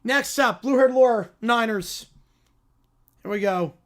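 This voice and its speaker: A live stream host chatting in a reaction stream, quickly reading out viewer questions and answering them. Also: medium pitch. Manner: rapid, reads out viewer questions.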